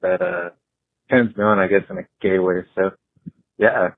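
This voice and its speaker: A man in his thirties leaving a hesitant voicemail confession, full of pauses and fillers. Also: sits low, fairly even intonation, no echo. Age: 30s. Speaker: caller. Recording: tinny phone line.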